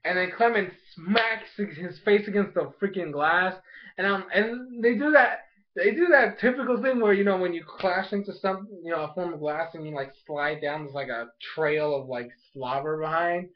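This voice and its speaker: A young man with a fairly high voice talks through an episode recap in a loose, rambling way, slipping into the characters' lines as he goes. The recording sounds dull and lo-fi. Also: normal speed. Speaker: anime episode reviewer. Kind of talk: casual spoken review.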